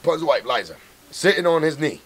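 A man, a guest on a radio show, telling a candid story in a profane, animated street-talk manner. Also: on the high side, moderate pace.

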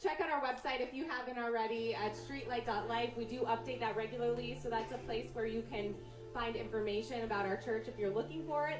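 Upbeat chatty woman giving church announcements. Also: fairly high pitch. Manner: upbeat, chatty, laughs often. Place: church sanctuary. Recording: echoey sanctuary with music behind.

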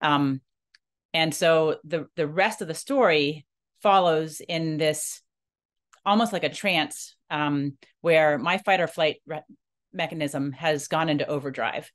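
Low-voiced woman recounting a personal ordeal. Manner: earnest, halting retelling that acts out quoted dialogue. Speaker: non-profit founder. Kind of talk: personal story told to camera.

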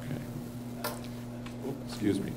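A man presenting awards live on stage, effusive and exclamatory, gasping and sighing between lines. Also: measured pace. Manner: effusive and exclamatory, with gasps and sighs. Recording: noisy live theater recording.

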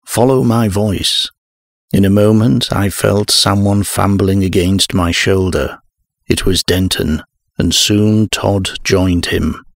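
Deep, gravelly male horror narrator. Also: level tone, no room sound, clean studio sound. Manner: measured, dramatic first-person telling. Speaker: audiobook narrator.

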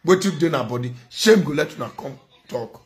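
A man's voice: a little high, expressive, fairly quick, soft background music. A man with a Nigerian accent giving a ranting vlog commentary, scolding and preaching, repeating phrases for emphasis.

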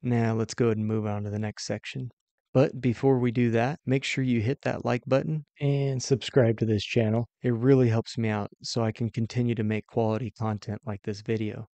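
A man teaching a casual recorded language lesson, slowing down to repeat example phrases for learners. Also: mid-range voice, fairly even intonation, mellow, no echo. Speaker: Mandarin teacher.

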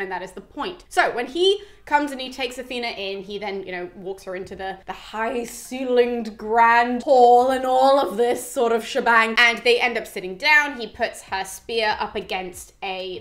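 Woman, higher voice, chatty, animated, casual retelling, lots of asides. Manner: chatty and animated, acts out characters' lines; frequent filler "like" and asides. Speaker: literature discussion host. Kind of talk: casual retelling of a classic text.

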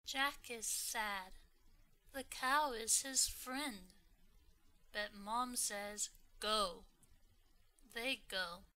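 Casting: woman storyteller for a learners' read-along, very slow, clear and bright. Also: on the high side. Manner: clear, deliberate simple phrasing.

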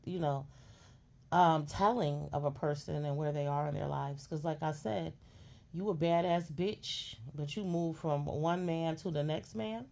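Sassy woman ranting, gravelly. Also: low voice, a little slow, darkish tone. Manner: blunt, scolding, sassy, heavy cursing. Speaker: commentary streamer. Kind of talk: profane ranting commentary.

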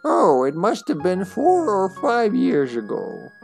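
A man voicing a wizened, ancient old crone who is sly and knowing, in a high cackling old woman's voice. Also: wildly swooping pitch, slow, gravelly, darkish tone, faint music behind, heavily acted.

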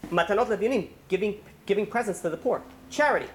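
A man, a rabbi, giving a holiday sermon, telling a story in a quick, rambling way full of restarts and fillers. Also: sits high, expressive, a little hiss or hum.

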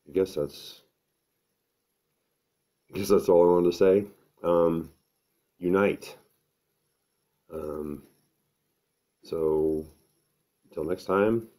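A middle-aged man, talking to camera at home in an unhurried, earnest, thinking-aloud way. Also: sits low, mellow. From American Midwest. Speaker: vlogger. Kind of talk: casual to-camera monologue.

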